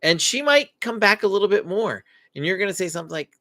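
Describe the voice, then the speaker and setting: A man hosting a live parenting Q&A stream, explaining in an animated way and acting out what parents and kids say. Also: high-pitched, quick pace, hardly any pauses, no echo. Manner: animated, acts out parent and child quotes. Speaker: parenting show host.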